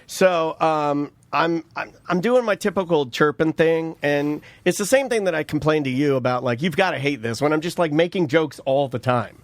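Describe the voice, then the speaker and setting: Podcast co-host, man in his 30s, a bit high voice, dry close mic, rambly storyteller. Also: normal speed, hardly any pauses, no echo. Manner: rambling, joking anecdote telling with many restarts. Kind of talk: casual chat, storytelling.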